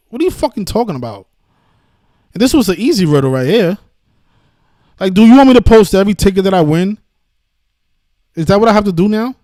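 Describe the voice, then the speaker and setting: High-voiced man ranting on a live stream. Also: a little mellow, no room sound, clean studio sound. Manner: combative, cursing, repetitive restarts. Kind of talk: heated live-stream rant.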